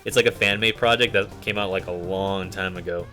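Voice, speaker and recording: Rambling streamer man, bright voice. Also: deep voice, fairly even intonation, fairly quick, faint music behind. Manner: rambling, many fillers and restarts, reads game text aloud. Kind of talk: casual gameplay commentary.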